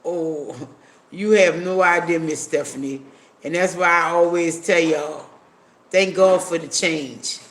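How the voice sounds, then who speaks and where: A man's voice: a little high, fairly even intonation, takes it slowly, a bit bright. A man chatting casually on a livestream, blunt and profane, reading viewer comments aloud. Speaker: livestream host.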